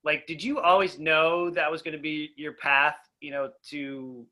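A man's voice: on the high side, little pitch movement, a little slow, pushed and bright. A man hosting a casual interview, enthusiastic and playful as he prompts his guest. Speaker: podcast host.

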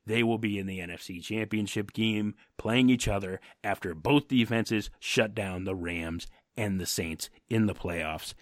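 A man's voice: fairly low pitch, unhurried, few pauses, no echo, clean studio sound. A man co-hosting a football podcast, ranting his opinions in a brash and profane way. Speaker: podcast co-host. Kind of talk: casual sports podcast rant.

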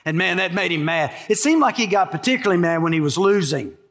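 A middle-aged man delivers a sermon in a fairly high voice. He preaches with emphasis, weaving in personal stories and tossing rhetorical questions at his listeners. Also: expressive, quick pace, a bit bright. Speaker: pastor.

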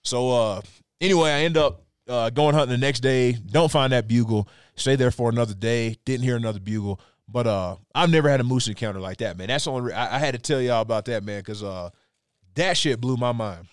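A man's voice: medium pitch, a little fast, clean tone, no echo, clean studio sound. A man hosting a podcast, telling a story with energy, swearing often and acting out sounds. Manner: animated storyteller, swears freely, acts out sounds. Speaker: podcast host. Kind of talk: casual storytelling chat.

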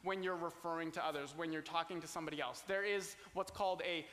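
A man's voice: a little high, steady tone, quick pace, fairly bright tone, in a large hall. A man teaching a Bible study, explaining the passage in a conversational way with casual asides.

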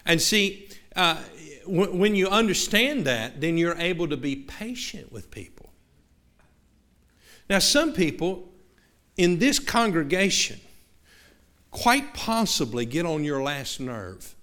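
A man's voice: fairly high pitch, very animated, slow, pushed and bright. A man from the American South preaching a sermon to his congregation, with a Southern accent, often restarting words and turning to the listeners with asides. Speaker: pastor.

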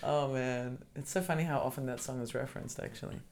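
A woman's voice: very deep voice, fast, a little mellow. A young adult woman hosting a podcast, chatting casually and laughing often. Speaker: podcast host. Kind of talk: casual chat.

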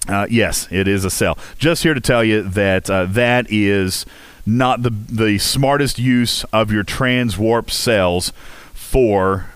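Man, gaming chat host, rambling, jokey, low voice, dry close sound. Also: clean tone, dry recording. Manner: chatty, jokey, heavy fillers and restarts. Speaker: host of a game community voice chat. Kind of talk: casual rambling talk to listeners.

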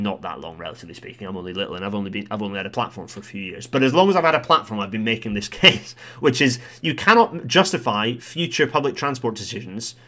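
A man's voice: medium pitch, fairly bright tone. A Scottish man doing live commentary, reading a report aloud and reacting with exclamations as he answers viewer comments. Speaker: livestream commentator on transport policy.

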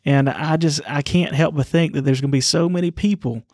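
A man co-hosting a Bible study podcast, telling a story in an earnest, halting way. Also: a little high, darkish tone, no echo, studio quality. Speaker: podcast co-host.

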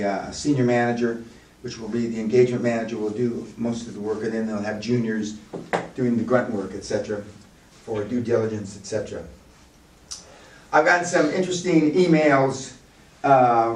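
A man in his sixties giving a live business seminar to a room of listeners, blunt and rambling as he talks. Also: medium pitch. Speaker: seminar speaker. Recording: echoey room, mic from far off.

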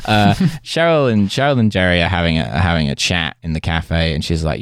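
A man's voice: sits low, a little fast, clear, resonant tone, dry recording. A man hosting a casual podcast, recapping a sitcom episode with dry, joking asides. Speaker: podcast host.

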